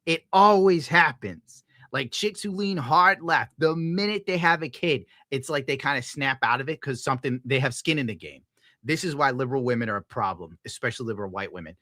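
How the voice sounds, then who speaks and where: A man's voice: medium pitch, animated, a little fast, bright, forceful tone, no room sound, studio quality. A man streaming and reacting to clips in a crude, sarcastic, profane rant, laughing at his own jokes.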